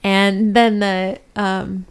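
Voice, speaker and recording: A woman co-hosting a casual podcast, retelling scenes in an animated way and acting out the characters. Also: medium pitch, very slow, clear, resonant tone. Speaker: podcast co-host. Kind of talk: casual chat.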